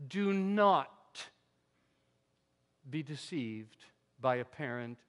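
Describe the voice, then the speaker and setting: A man preaching a sermon in a church, animated and conversational, his voice swinging from loud emphasis to quiet asides. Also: mid-range voice, very slow, clean tone. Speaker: pastor. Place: church sanctuary. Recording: long hall reverb.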